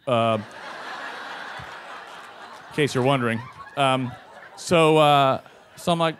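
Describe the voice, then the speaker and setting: A man telling a personal story on stage to a live audience, animated and conversational, with plenty of fillers and swearing. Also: medium pitch, normal speed, long pauses, a little hiss or hum.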